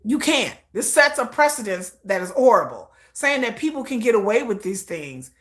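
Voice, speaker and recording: A woman's voice: fairly high pitch, big pitch swings, normal speed. Blunt, slangy woman livestream host. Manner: blunt, emphatic and opinionated, with frequent laughs; slangy and profane. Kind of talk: casual livestream commentary.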